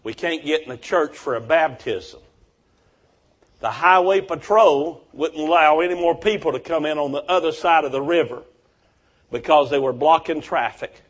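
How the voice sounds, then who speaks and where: A man's voice: on the high side, moderate pace, slightly rough. A man preaching a revival sermon, telling stories with fervent conviction.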